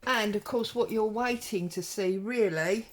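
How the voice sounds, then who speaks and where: A woman's voice: medium pitch, measured pace. A woman hosting a casual show-and-tell craft vlog from home, chatting straight to viewers with ums and asides. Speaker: craft vlogger host.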